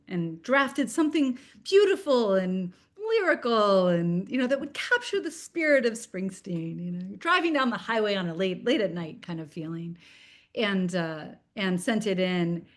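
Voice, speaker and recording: A woman's voice: mid-range voice, animated, normal speed. A woman in her forties, a children's book author, chatting in an interview over a video call with lots of fillers and restarts.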